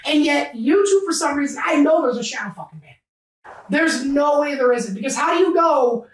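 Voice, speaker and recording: A high-pitched man venting as a podcast guest, heated and profane, often breaking into shouts, his voice choked up near tears. He sits back from the microphone, and the room rings around him. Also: animated, normal speed, distant mic. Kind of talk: emotional podcast rant. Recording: roomy sound, set back from the mic.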